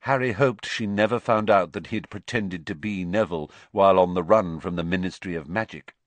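A man's voice: low-pitched, fairly quick, no echo. A man narrating an audiobook expressively and switching into voices for the characters.

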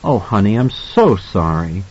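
Anxious young mother, husky and high-strung, pleading and frantic, put on by a male audiobook narrator, muffled lo-fi recording. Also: big pitch swings, measured pace, darkish tone, exaggerated voice. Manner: anxious, pleading, near-hysterical. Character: frightened, shrill young mother.

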